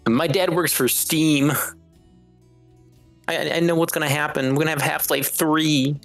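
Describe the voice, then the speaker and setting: A man's voice: a little high, fairly even intonation, normal speed, vocal fry, a bit bright, soft background music. A man bantering and joking on a casual stream.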